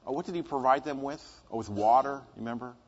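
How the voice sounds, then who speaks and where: A man's voice: mid-range voice, quick pace, darkish tone, slightly rough, muffled recording. A man preaching a conversational sermon, asking his congregation questions and answering them himself.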